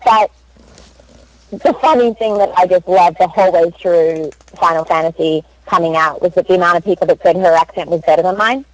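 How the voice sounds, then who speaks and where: A young Australian woman, a voice actress, chatting in an interview and telling stories in an animated, laughing way. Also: fairly low pitch, brisk, no echo, highs cut off. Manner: chatty, animated storyteller who laughs often. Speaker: voice actress guest. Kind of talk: casual interview chat.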